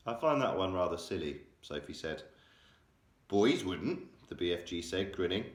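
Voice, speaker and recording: A man's voice: fairly low pitch, big pitch swings, normal speed. A male primary school teacher reading a children's novel aloud, changing his voice for the characters. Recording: echoey room.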